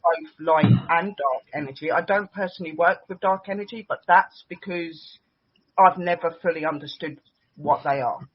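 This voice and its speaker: A woman's voice: fairly low pitch, moderate pace, slightly rough, muffled recording. A woman hosting a casual online talk show, chatty and enthusiastic, often addressing the audience as guys. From United Kingdom. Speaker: show host.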